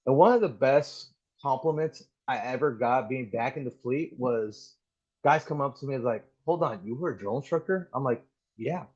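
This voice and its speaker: A man's voice: medium pitch, normal speed. A man in his thirties, an active-duty Marine guest, telling stories in a casual podcast interview, swearing often and leaning on "like" and "dude". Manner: animated storytelling, heavy swearing, lots of "like" and "dude". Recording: muffled, dull audio.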